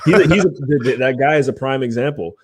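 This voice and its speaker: A man's voice: medium pitch, fast talker, a crowd in the background. A man from Ohio hosting a livestream podcast, chatting casually, rambling a little and laughing often as he runs giveaways. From Ohio, USA. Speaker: podcast host.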